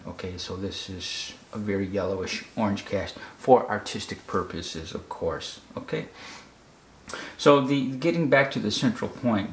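Man explaining a photo in a roomy echo. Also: fairly low pitch. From United States. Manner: repeats words, checks in with "okay?". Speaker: photography critic. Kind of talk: casual explanatory commentary.

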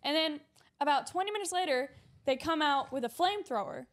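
High-voiced woman telling a story animatedly. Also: brisk, slight background noise. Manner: animated storyteller who acts out what others said. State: sore back, shifting in her seat. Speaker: podcast co-host. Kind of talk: casual chat.

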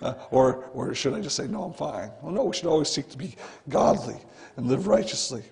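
Male pastor, earnest conversational sermon, mellow gravelly tone. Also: on the high side, expressive, a little fast. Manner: earnest, conversational preaching, often starting with "listen". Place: church sanctuary.

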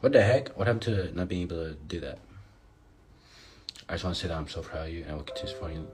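Man, very low voice, casual livestream chat, tired, reading comments aloud. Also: fairly even intonation, rapid-fire, slightly rough. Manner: reads out fan comments and thanks viewers. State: tired, yawning. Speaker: livestream host.

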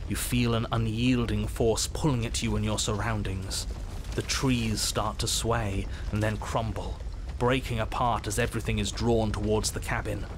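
A man's voice: lowish voice, level tone, moderate pace, noisy background, lightly acted. A man voicing the stern, exasperated narrator of a horror game, speaking dryly and with command. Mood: grave. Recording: game audio with loud music behind.

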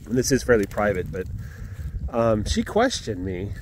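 A man vlogging from his farm, sharing a casual Sunday morning message in an earnest, reflective way with fillers and pauses. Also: lowish voice, sing-song, darkish tone, a little hiss or hum. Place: outdoors on a farm.

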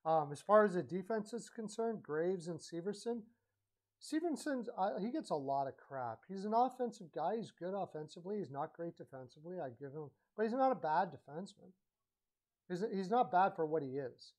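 A man's voice: high-pitched, lively intonation, normal speed, a little mellow. A man giving a blunt, opinionated, rambling solo talk as a hockey commentary vlogger, often correcting himself mid-sentence. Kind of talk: casual opinionated monologue.

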